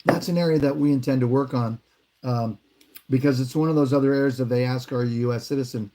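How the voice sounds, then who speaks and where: A man's voice: mid-range voice, fast, mellow. A man hosting a livestream, casually retelling an encounter and explaining his views, with frequent restarts. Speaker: livestream host.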